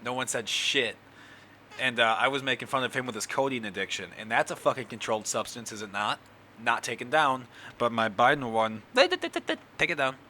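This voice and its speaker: A man's voice: medium pitch, brisk, pushed and bright, slight background noise. A young man hosting a comedy show at home, talking to camera in a rambling, profane, sarcastic monologue. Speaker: comedian host. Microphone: camera recording.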